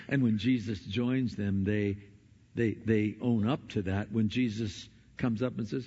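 A male pastor preaching a sermon in earnest tones, moving between hushed passages and emphatic ones. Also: medium pitch, measured pace, husky. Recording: dull sound in a reverberant hall.

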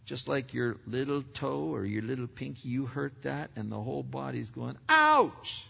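A pastor preaching a sermon with emphatic rhetorical questions and repeated words, heard as a dull recording in an echoing hall. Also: male voice, medium pitch, steady tone, normal speed, creaky, breathy edge.

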